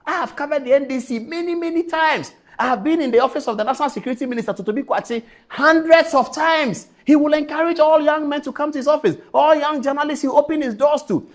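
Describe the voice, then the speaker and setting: A man from Ghana, hosting a TV show, giving an impassioned political commentary full of rhetorical questions and repeated words. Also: very high voice. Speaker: TV show host.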